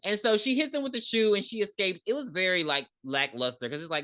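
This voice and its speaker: A woman co-hosting a podcast, recapping a movie in blunt, profane, animated casual chat. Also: medium pitch, quick pace, no room sound. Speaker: podcast co-host.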